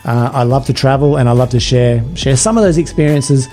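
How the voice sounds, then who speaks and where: A man's voice: mid-range voice, brisk, darkish tone, soft background music. A man with an Australian accent, a podcast guest chatting eagerly and often repeating words as he starts his sentences. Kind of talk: casual interview chat.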